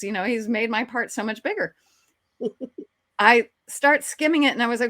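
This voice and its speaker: A woman who is an actress, telling a story as an interview guest in a lively, chatty way with quick restarts. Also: a little high, no room sound, clean studio sound. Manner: animated, chatty, frequent restarts and laughs.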